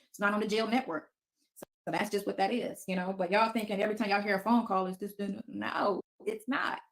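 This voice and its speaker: Speaking in a mid-range voice with noticeable vocal fry, this fifties-aged woman hosts a laid-back livestream from her home basement. She responds to viewers' comments in a blunt, defiant way, swearing freely.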